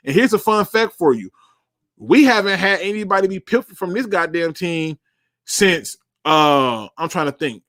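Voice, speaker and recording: A man's voice: a little high, lively intonation, normal speed, a bit bright, dry recording, clean studio sound. A young man hosting a live sports talk show, bluntly answering chat questions and repeating words for emphasis.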